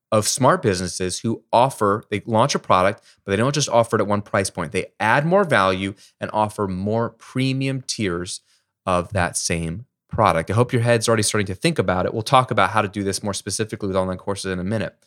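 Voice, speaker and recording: A middle-aged man from the United States hosting a solo podcast, explaining ideas in a lively, conversational way with everyday examples. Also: fairly low pitch. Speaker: podcast host. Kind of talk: casual solo podcast teaching.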